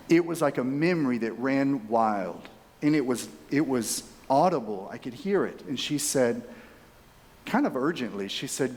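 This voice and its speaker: A man, giving a conference keynote as a lively storyteller who speaks straight to his audience. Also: mid-range voice, a little slow. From Texas. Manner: animated, chatty, addresses audience directly. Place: conference hall. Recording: reverberant conference hall.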